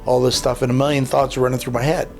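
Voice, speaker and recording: A man tells his own life story in an interview. He is a lively storyteller who acts out the dialogue and uses many fillers like "uh" and "like". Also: medium pitch, fast, soft background music. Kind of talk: personal testimony told in an interview.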